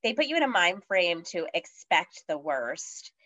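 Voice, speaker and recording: Dull lo-fi audio captures a woman guesting on a podcast, her fairly low, sharp voice very animated yet measured in pace. Recounting a personal story in a chatty way, she piles on fillers and performs the quoted voices.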